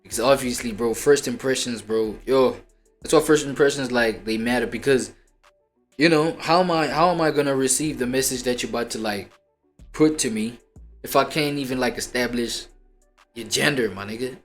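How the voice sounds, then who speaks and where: A man's voice: medium pitch, normal speed, soft background music. A man streaming a casual reaction chat, talking in a slangy, rambling, profane way.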